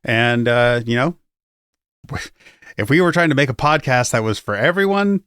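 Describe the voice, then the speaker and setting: A man's voice: medium pitch, animated, normal speed, fairly bright tone, smooth, dry recording. Guy co-hosting a chill podcast, laughs a lot, keeps things moving, dry close mic. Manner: laughs easily, plays the moderator. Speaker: podcast co-host. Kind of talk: casual podcast chat.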